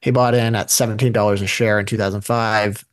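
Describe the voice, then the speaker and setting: A man co-hosting a casual investing podcast talks through stories conversationally, filling his speech with fillers and asides. His voice is lowish and level, a bit fast. There's no room sound.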